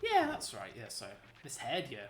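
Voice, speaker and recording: A woman's voice: low voice, wildly swooping pitch, normal speed. A woman streaming a video game with a friend, chatting casually and joking about her own silly voices. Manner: jokey, laughs at her own bits. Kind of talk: casual gaming commentary. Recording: echoey room with game music.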